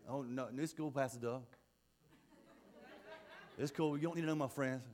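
A man preaching a sermon as pastor, impassioned, repeating himself and restarting phrases. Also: on the high side.

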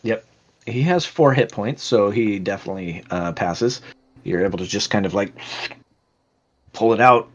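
A man's voice: fairly low pitch, normal speed, long pauses, dull audio. A man narrating as game master of a tabletop game, loose and full of fillers.

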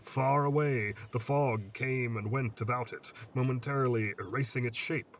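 A man reading a dark tale in a measured, atmospheric way, his pitch sitting in a middle register. He sounds set back from a muffled mic, with a faint hiss in the background. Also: recorded from a distance. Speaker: storyteller host. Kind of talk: dramatic story narration.

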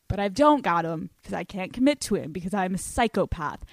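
A woman's voice: lowish voice, big pitch swings, a little fast, no room sound. A woman in her twenties hosting a solo podcast, brash and profane, laughing often and slipping into put-on voices. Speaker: podcast host.

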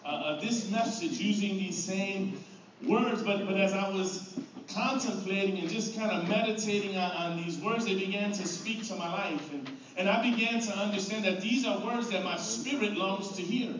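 A man's voice: high-pitched, moderate pace. A middle-aged man preaching a sermon as pastor, earnest, often repeating words and restarting phrases. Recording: echoey room from far off, dull sound, faint noise.

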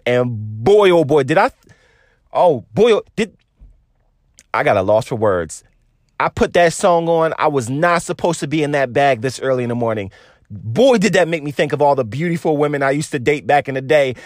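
A man in his thirties talking to his phone from a parked car, in a rambling, excited monologue full of restarts. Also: on the high side, no echo, studio quality. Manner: animated, rambling, stammering restarts. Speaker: vlogger reacting to an album. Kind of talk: casual emotional monologue.

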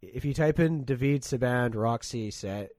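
A man's voice: medium pitch, measured pace, a little mellow, no room sound, clean studio sound. A young man from Canada telling a long casual story, rambling and swearing with lots of "like". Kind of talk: casual chat.

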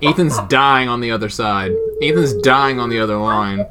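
A man's voice: medium pitch, normal speed, background noise. A young man hosting a podcast with casual, crude, joking banter. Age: young adult. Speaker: podcast host. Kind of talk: casual chat.

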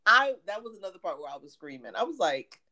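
A woman chatting casually about a TV show, animated and chatty, laughing often. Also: medium pitch, quick pace. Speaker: podcast co-host.

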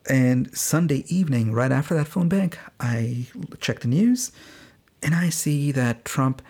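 A man's voice: medium pitch, creaky, a little mellow, husky. A middle-aged man hosting a podcast, telling a personal story in a candid, sardonic way and laughing now and then. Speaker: podcast host.

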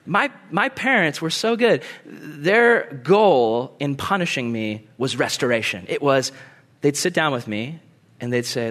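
A young man preaching a sermon in an animated way, acting out quoted voices and laughing easily. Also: a little high, moderate pace. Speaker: pastor.

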